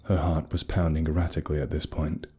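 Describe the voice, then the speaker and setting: Deep-voiced man narrating a dark tale. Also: quick pace, breathy edge. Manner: steady, grave storytelling. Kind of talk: scripted horror story narration. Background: soft music.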